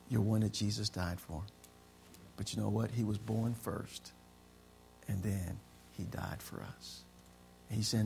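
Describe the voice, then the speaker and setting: Male pastor preaching, gravelly mid-range voice, repeats lines as he builds up. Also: medium pitch, moderate pace, slight background noise. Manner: preaching with rising excitement, repeated phrases. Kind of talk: sermon.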